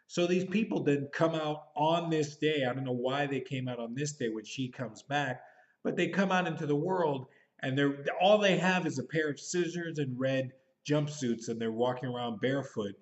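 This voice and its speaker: A man's voice: mid-range voice, moderate pace, dull audio. A man in his thirties giving a casual, rambling movie review, hurrying and thinking aloud as he goes. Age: 30s.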